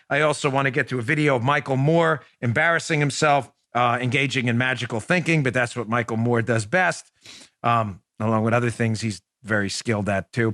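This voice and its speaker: A male talk show host at a mid pitch talks in a punchy, sarcastic way, leaning hard on his points. The sound is close and dry, with no room around it. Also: bright, forceful tone, no echo. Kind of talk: political talk show monologue.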